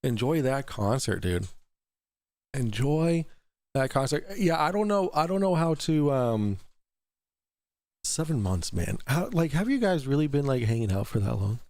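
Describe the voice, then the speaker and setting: A man's voice: medium pitch, very animated, a little slow, a little mellow, no room sound. A man hosting a casual livestream, reading out super chats in a loose, rambling way, swearing freely and laughing often. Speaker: livestream talk show host.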